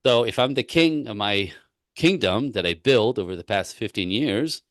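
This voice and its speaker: A man, a relationship coach, talking in a casual interview with emphatic, repetitive points and animated stories. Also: lowish voice, moderate pace, no echo, studio quality.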